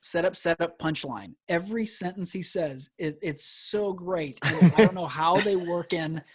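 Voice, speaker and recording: A man's voice: sits high, normal speed, a crowd in the background. A man who is a comedian guest on a podcast, chatting casually and animatedly and laughing often.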